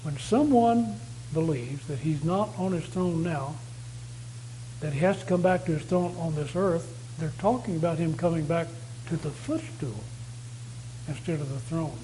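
A man's voice: on the high side, lively intonation, unhurried, a little hiss or hum, low-quality recording. A man preaching a sermon, reading scripture aloud and repeating key phrases for emphasis. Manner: reads verses aloud louder and more declaiming.

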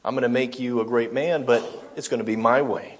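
A man's voice: mid-range voice, fairly even intonation, brisk, a little hiss or hum. A man preaching a sermon, reading scripture aloud and explaining it, correcting himself now and then.

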